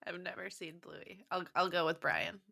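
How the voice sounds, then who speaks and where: A woman co-hosting a casual podcast, making quick, self-deprecating guesses. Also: on the low side, steady tone, gravelly, pushed and bright. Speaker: podcast co-host.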